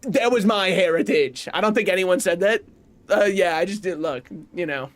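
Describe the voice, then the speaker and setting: A man in his twenties talking casually while streaming a game, animated and laughing, swearing and rambling off on tangents, on a desk mic at home. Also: sits high, normal speed, no room sound. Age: 20s. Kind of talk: casual gaming livestream chat.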